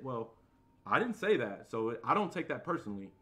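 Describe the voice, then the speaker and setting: A male game streamer and loud talker, ranting in a heated, defensive way while he plays. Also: mid-range voice, sing-song, brisk. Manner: heated, defensive, sets the record straight. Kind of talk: live-stream rant while playing.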